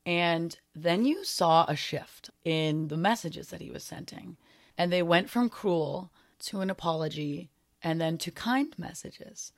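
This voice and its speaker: Young woman podcaster, low voice, earnest and heartfelt, just talking solo about her year. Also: a little slow. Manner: earnest and heartfelt, a little emotional at times. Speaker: podcast host. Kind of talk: reflective solo podcast talk.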